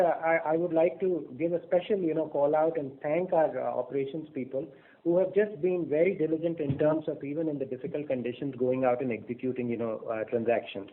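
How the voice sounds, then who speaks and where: A man presenting as a bank executive on an earnings call, speaking in in a measured way, with frequent fillers and restarts. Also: a little high. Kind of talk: business presentation on a conference call. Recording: phone-line audio.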